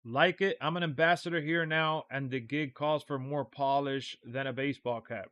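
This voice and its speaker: A man's voice: mid-range voice, fairly even intonation, normal speed, fairly bright tone, no room sound, dull audio, lightly acted. A man reading out a game's dialogue as a tough, hard-boiled male hero, in clipped lines. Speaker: streamer reading game dialogue aloud. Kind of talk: reading game text aloud in character.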